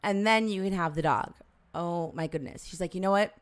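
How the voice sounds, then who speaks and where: Lively storytelling woman, lowish voice. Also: fairly quick. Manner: animated storyteller acting out quoted dialogue. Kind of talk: casual storytelling chat.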